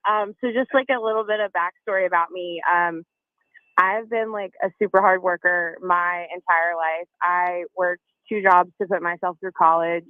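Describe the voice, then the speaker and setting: A woman caller telling her personal story on a talk show, halting with frequent pauses. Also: lowish voice, steady tone, no echo. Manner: soft-spoken, halting, with many fillers. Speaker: caller receiving a reading. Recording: tinny phone line, dry.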